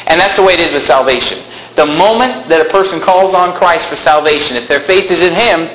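High, bright-voiced preaching man. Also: a little fast, roomy sound, slight background noise, poor audio. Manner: animated, acting out quotes, bursts into shouting. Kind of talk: sermon.

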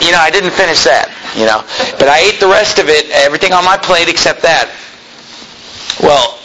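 A man's voice: fairly high pitch, bright, forceful tone, a little hiss or hum, rough recording. A man preaching a sermon in a conversational storytelling way, with many fillers and acted-out quotes. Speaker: pastor.

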